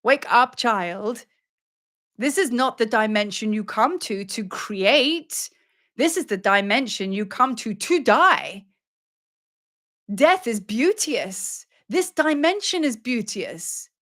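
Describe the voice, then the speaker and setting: A woman's voice: on the high side, lively intonation, slow, a bit bright, voice pushed up. A woman voicing a stern lion-headed goddess who growls and commands, inside a guided meditation. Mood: commanding.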